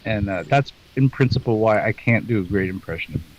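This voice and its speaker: A man's voice: fairly low pitch, fast, lo-fi sound. A man chatting casually as a co-host, rambling and repeating himself with lots of fillers. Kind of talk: casual chat.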